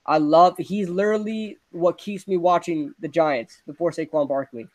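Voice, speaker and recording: Excitable young man ranting about football. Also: a little high, normal speed. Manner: excitable, ranting, laughs often. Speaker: podcast host. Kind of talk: casual sports chat.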